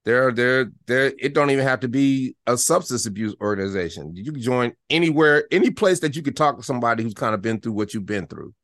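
A man, an actor and guest, telling animated stories in a casual interview, sometimes dropping to a near-whisper to make a point. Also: mid-range voice, a little fast, few pauses, no echo, studio quality. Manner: animated, storytelling, drops to a hush to demonstrate.

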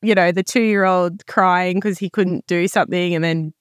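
A woman's voice: lowish voice, fairly even intonation, moderate pace, clear, resonant tone, no room sound, clean studio sound. A woman co-hosting a parenting podcast, chatting casually and telling stories from home. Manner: laughing, storytelling, chatty. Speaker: podcast co-host; mother of young children. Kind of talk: casual chat.

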